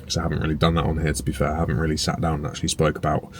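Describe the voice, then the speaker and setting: A young man chatting casually to camera in a relaxed, rambling way, with fillers and some swearing. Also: a bass voice, racing, a little hiss or hum. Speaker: bodybuilding vlogger and personal trainer. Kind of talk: casual vlog chat to camera. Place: indoors at home and in a parked car.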